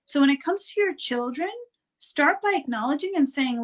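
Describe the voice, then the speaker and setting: A woman with a high voice talks through her advice in a relaxed, chatty way. She keeps checking in with her listeners as she goes. Now and then she acts out other people's tones to make a point. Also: moderate pace, rough recording. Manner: conversational, frequent "right?" and "you know" tags; acts out quoted voices to show tone. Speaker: guest speaker on parenting and wellness. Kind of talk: casual advice talk.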